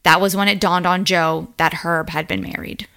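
A woman's voice: fairly low pitch, steady tone, normal speed, a bit bright, clean tone. A woman co-hosting a podcast, telling a ghost story and chatting casually, with fillers and the odd swear. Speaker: podcast co-host.

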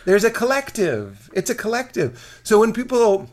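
A man's voice: high voice, very animated, normal speed. A man, a stand-up comedian, chatting casually and breaking into silly character voices. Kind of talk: casual chat.

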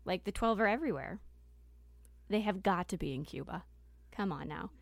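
A woman co-hosting a podcast, chatting casually and thinking aloud in a relaxed way. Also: fairly low pitch, normal speed, vocal fry, no echo. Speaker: podcast co-host, moderator.

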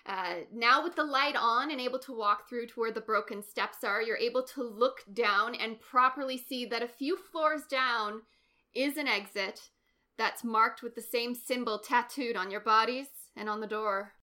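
A woman narrating a tabletop game as game master, describing scenes in a calm, descriptive way. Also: a little high, moderate pace.

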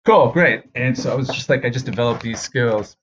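A man's voice: mid-range voice, level tone, brisk, a little hiss or hum. A comedian in his thirties telling a self-deprecating personal story with lots of fillers and restarts, acting out the voices of the people in it. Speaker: stand-up comedian. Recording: dull lo-fi recording.

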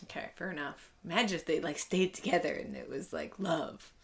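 A woman's voice: deep voice, gravelly. Curious woman hosting a casual chat. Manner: curious, reactive, quick to laugh. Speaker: podcast host.

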